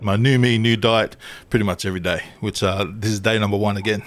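A man's voice: on the low side, fairly even intonation, fast. A young man co-hosting a podcast, swearing, teasing his mates and calling them "mate". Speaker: podcast co-host. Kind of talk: casual banter.

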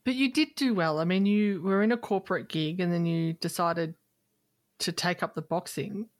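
A woman hosting an interview, chatty and jumping in with quick questions. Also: fairly low pitch, no room sound, clean studio sound. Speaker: podcast host. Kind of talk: conversational interview.

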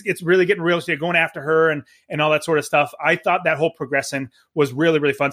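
A man chatting casually as co-host of a movie review, animated and often stammering and restarting his sentences. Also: on the high side.

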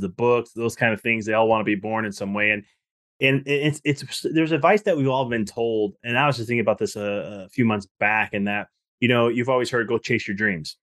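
A man talking as a podcast guest, an author telling animated stories with lots of restarts. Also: mid-range voice. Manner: fast, animated storytelling with frequent restarts. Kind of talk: casual podcast conversation.

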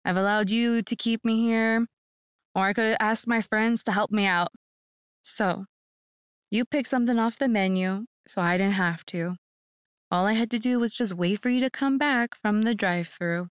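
A woman voicing a cold, sinister young man bound to shadows, speaking flatly and mockingly. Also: mid-range voice, moderate pace, clear, resonant tone, dry recording, clean studio sound, natural voice.

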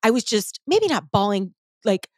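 Animated woman host, dry close sound. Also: medium pitch, moderate pace, breathy edge, dry recording. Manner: animated, swears freely, addresses listeners as guys. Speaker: podcast host. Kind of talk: casual storytelling chat.

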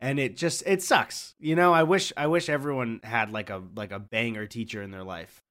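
A man's voice: medium pitch, fairly even intonation, moderate pace, a bit bright. A young man co-hosting a casual podcast with a laid-back, teasing manner. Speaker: podcast co-host. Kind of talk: casual chat.

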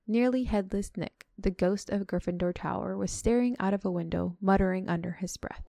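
A woman's voice: mid-range voice, a little fast, vocal fry, mellow, dry recording, studio quality. A woman hosting a podcast, summarizing a book aloud and breaking off for casual chat with her co-hosts. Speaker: podcast host retelling a book.

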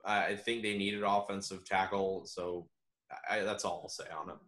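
A man chatting casually on a sports podcast, rambling with halting restarts. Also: deep voice, level tone, a bit bright, roomy sound. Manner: rambling, halting, with many fillers. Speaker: podcast co-host.

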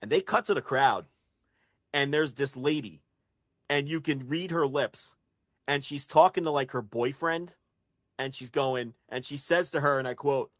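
A man in the middle of his range talks through his case with growing excitement, cursing casually as he lays out his points one by one. The sound is dry and close, with no room around it. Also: mid-range voice, moderate pace, dry recording. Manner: excitable, swears freely, builds an argument point by point. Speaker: podcast co-host. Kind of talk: casual chat.

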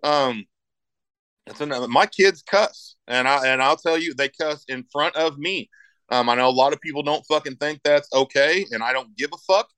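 A man's voice: a little high, normal speed, a bit bright, smooth, dry recording, low-quality recording. A middle-aged man in casual podcast chat, rambling and emphatic, swearing constantly as he talks about raising his kids.

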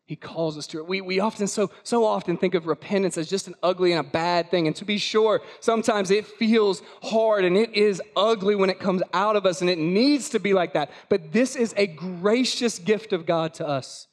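A man's voice: high-pitched, moderate pace, hardly any pauses. A man preaching a sermon as pastor at a church service, emphatic and repetitive, full of rhetorical questions.

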